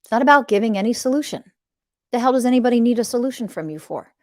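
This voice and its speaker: A woman's voice: on the high side, lively intonation, fast talker, no room sound, studio quality. A woman hosting a spiritual podcast, giving an impassioned, blunt teaching monologue that repeats phrases like mantras and swears for emphasis.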